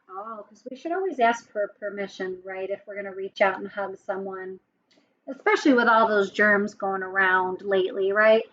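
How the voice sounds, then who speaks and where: A woman teacher giving a children's lesson, speaking gently and often checking in with a question. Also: mid-range voice, steady tone, moderate pace, lo-fi sound, slight background noise. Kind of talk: children's lesson and storybook reading.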